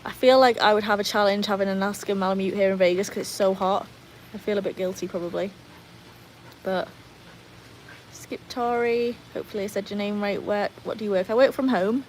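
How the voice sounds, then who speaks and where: A woman's voice: mid-range voice, steady tone, a little fast, slight background noise, rough recording. Chatty British woman on a home livestream. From Britain. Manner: chatty, reads out viewer comments, talks to her dogs. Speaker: livestream host. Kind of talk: casual livestream chat. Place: home with her dogs.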